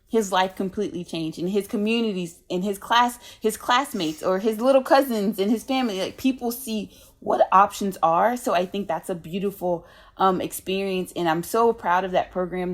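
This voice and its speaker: A woman guest in a relaxed interview tells stories with lots of energy. Her voice sits at a middle pitch, and she acts out the conversations she describes. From United States. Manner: animated storyteller, acts out quoted dialogue. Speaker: guest, nonprofit operations director.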